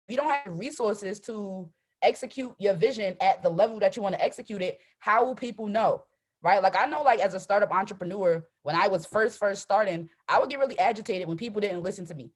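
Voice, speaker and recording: A woman leads a live motivational session as a trading coach, with a slightly husky, breathy voice at a middle pitch. She speaks emphatically and with animation. She keeps punctuating her points with a quick "right?". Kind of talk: live-streamed motivational talk.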